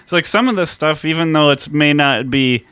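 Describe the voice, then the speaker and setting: A man's voice: a little high, moderate pace, fairly bright tone, clear, resonant tone, no room sound. A man co-hosting a history podcast, explaining events in a casual way and swearing freely. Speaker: podcast co-host.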